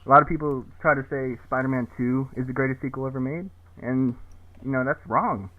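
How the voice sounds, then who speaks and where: A man guesting on a podcast, talking in a hesitant, deadpan way with lots of fillers about his video essays. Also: brisk. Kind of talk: casual podcast chat. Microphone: cheap low-quality mic. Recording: tinny phone-like low-quality mic.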